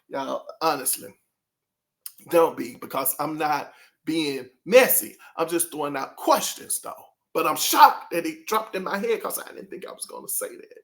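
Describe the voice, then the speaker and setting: A man's voice: fairly high pitch, lively intonation, measured pace, a bit bright. A man hosting his own channel, talking casually and rambling to his viewers, throwing out rhetorical questions. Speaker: channel host.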